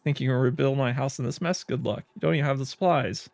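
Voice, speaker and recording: A man's voice: medium pitch, quick pace, gravelly, darkish tone, lightly acted. A man voicing a bitter, grumpy ghostly echo who guards a ruined garden, talking in curt, scornful and dismissive lines.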